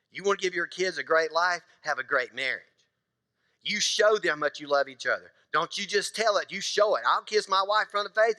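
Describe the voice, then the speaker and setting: A man's voice: sits high, pushed and bright, no echo, in a large hall. A middle-aged man preaching a sermon in a church, casual and joking, acting out little scenes from married life. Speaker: pastor. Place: church sanctuary.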